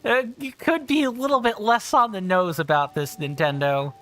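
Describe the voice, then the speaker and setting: A woman's voice: mid-range voice, fairly even intonation, moderate pace, a bit bright, no echo. Rambling, chatty woman game streamer. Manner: rambling, chatty, self-deprecating. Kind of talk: casual livestream chat. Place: home office.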